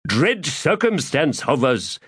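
Man voicing a pompous chubby schemer, florid archaic speech, lively swooping pitch, dry close sound. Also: slow, slightly rough, dry recording, exaggerated voice. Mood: theatrical. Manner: grandiloquent archaic speech, refers to himself in third person. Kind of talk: audiobook character voice.

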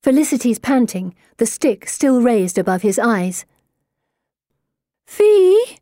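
A woman reading a first-person audiobook in a measured, even way. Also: a little high, dry recording, studio quality. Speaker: audiobook narrator. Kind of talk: scripted first-person narration.

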